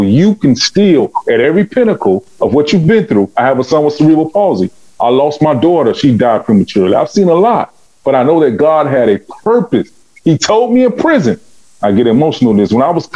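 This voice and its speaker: Fast-talking man preaching his testimony. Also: muffled recording. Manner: animated, acts out dialogue with big pitch swings; fervent and preaching. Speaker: guest telling his life story. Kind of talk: emotional testimony storytelling.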